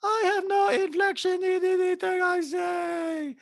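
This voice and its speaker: A man doing a comic impression of a haughty rich woman, in a high, slow, flat sneer. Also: creaky, no room sound, raised voice, clean studio sound, exaggerated voice. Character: haughty mocking wealthy woman.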